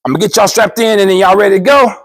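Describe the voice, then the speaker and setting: A man's voice: sits high, very fast, fairly bright tone. A man doing a laid-back ride attendant. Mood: casual.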